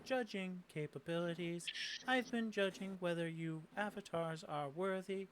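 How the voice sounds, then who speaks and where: A man's voice: sits high, moderate pace, a little hiss or hum, voice pushed up, close to an everyday voice. A man voicing a formal mechanical construct that judges newcomers, speaking in stiff, precise phrases.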